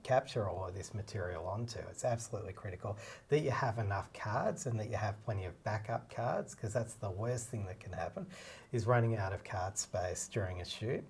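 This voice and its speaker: A documentary filmmaker and cinematographer co-hosts a casual explanatory chat, his lowish voice moving fairly quickly. He speaks in a relaxed, practical way with plenty of fillers, and there is slight background noise.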